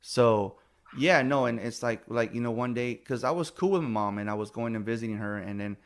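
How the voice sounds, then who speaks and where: A middle-aged man talks in loose, heated chat, swearing often and pushing back hard as he vents. His voice sits at an ordinary middle pitch for a man. He is blunt and defensive, and he repeats himself when worked up. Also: fairly quick. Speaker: podcast host. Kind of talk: casual chat.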